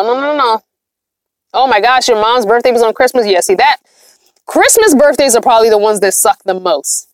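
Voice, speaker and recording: A woman's voice: mid-range voice, dry recording, clean studio sound. A middle-aged woman, chatting on a livestream with viewers, tired and yawning, emphatic and repetitive. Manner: chatty, emphatic, repeats herself. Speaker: vlogger hosting a livestream. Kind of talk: casual livestream chat with viewers.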